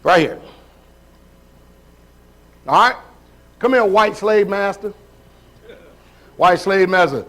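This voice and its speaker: High-voiced preacher quizzing his congregation. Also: animated, takes it slowly, pauses often, a bit bright. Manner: calls people up, checks in with the crowd. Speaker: pastor. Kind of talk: live sermon.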